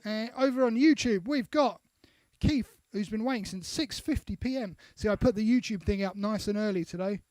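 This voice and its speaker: A man's voice: high voice, moderate pace, hardly any pauses, a little mellow, no room sound. A man co-hosting a live stream, chattily reading out viewer comments with small asides. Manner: chatty, reads out names with asides. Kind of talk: casual live-stream chat.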